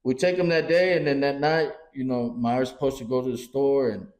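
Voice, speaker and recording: Animated, swearing middle-aged man storyteller. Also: mid-range voice, fairly quick. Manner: animated storyteller, swears often, acts out quotes. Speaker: podcast co-host. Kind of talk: casual chat, storytelling. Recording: roomy echo.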